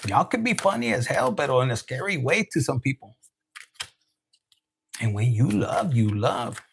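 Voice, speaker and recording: Male tarot reader with a raspy voice, casual and profane, peppers his reading with Spanish slang. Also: medium pitch, sing-song, moderate pace, a little hiss or hum. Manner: loose, profane and laughing, with Spanish slang asides.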